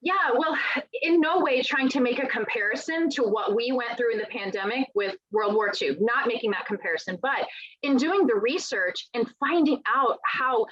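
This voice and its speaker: A middle-aged woman author in a conversational interview, telling lively stories and acting out quoted dialogue. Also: on the high side, moderate pace, no echo. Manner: animated storyteller, acts out quoted dialogue. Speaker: author guest. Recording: dull, lo-fi sound.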